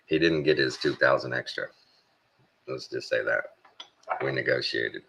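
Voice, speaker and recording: A man's voice: rumbling low, gravelly, pushed and bright, a little hiss or hum. A middle-aged man from Texas, telling a rambling, blunt story in a casual rant. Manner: rambling, blunt, halting with fillers. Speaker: vlogger.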